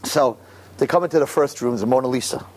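A man giving an animated storytelling sermon as a religious teacher, who keeps checking in with the audience. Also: medium pitch, quick pace, heavy background noise. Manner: animated, keeps asking "right?".

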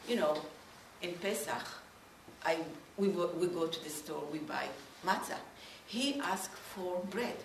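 A woman's voice: lowish voice, animated, creaky. Far-off woman asking from the room. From Israel. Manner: halting, broken phrasing. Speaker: audience member asking a question. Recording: distant, echoey room with faint noise.

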